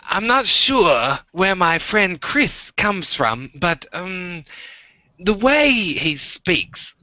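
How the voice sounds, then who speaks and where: A man's voice: sing-song, extremely slow, sharp tone, dry recording, lo-fi sound, exaggerated voice. A man voicing a pompous British-accented nature-documentary narrator with a put-on British accent. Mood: grandiose. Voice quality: grand, booming narration.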